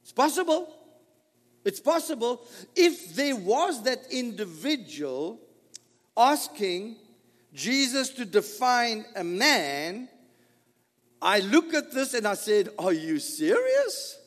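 Preacher guy, high voice swinging all over, slow drawn-out delivery, hall reverb. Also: sing-song. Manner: dramatic preaching with rhetorical questions and voiced dialogue. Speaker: pastor. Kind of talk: sermon.

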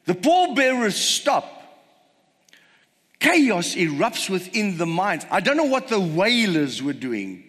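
Animated male preacher in a reverberant hall. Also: high voice, slow. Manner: animated storytelling, rhetorical questions to the congregation. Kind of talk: sermon.

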